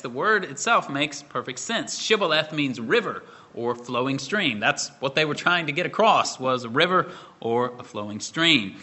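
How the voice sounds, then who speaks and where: A middle-aged male pastor preaching an expository sermon, measured and deliberate, posing rhetorical questions. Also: medium pitch, bright, forceful tone.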